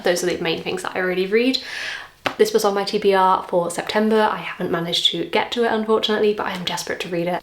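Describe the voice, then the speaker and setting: Chatty English woman in an echoey room. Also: medium pitch. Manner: chatty and excitable, quick asides. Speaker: book vlogger. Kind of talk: casual chat to camera.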